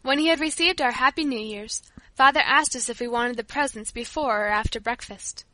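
A woman narrating a children's story in a steady, gentle reading manner. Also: on the high side, brisk, dry recording.

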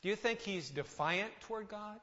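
High bright-voiced preacher in a reverberant hall. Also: male voice, moderate pace. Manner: asks the listeners questions, acts out quoted speech. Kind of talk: sermon. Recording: dull sound in a hall with long reverb.

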